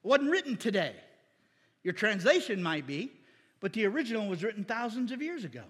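A man preaches with a high, slightly husky voice. He jokes, fires off rhetorical questions and slips into mock voices. The sound carries the long echo of a church hall. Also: fairly quick. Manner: animated, jokey, acts out mock voices and asks rhetorical questions. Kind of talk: sermon.

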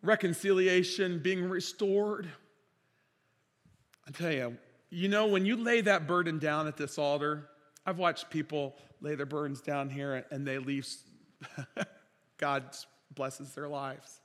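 A man preaching a sermon as pastor, impassioned, swinging between loud declarations and quiet storytelling. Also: on the high side, slow. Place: church sanctuary. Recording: reverberant church hall.

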